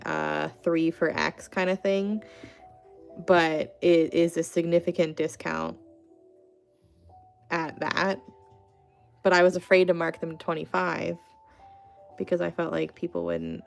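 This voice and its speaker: A young woman chats on a livestream in a rambling, easygoing way, leaning on filler words as she tells stories. Her voice sits a bit low and carries a gravelly, fried edge. Faint music plays behind her. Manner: rambling, chatty storytelling with many "like" fillers. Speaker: craft artist hosting a livestream. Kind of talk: casual livestream chat, reading comments.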